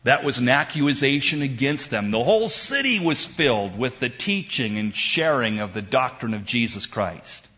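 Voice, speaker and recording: A middle-aged man preaching a sermon in a church, emphatic and unhurried, with dramatic pauses. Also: mid-range voice, very animated, sharp tone, muffled recording. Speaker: pastor.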